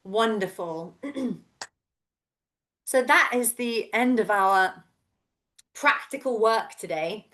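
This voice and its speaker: A woman in her thirties, a vocal coach gently and encouragingly guiding a voice and breath workshop over a video call. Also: fairly high pitch, animated, takes it slowly, pauses often. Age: 30s.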